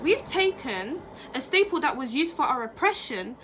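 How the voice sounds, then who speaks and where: A woman's voice: sits high, sing-song, normal speed, fairly bright tone, slight background noise. A young woman talking in a casual opinion vlog, impassioned and emphatic, repeating phrases for stress. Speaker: vlogger.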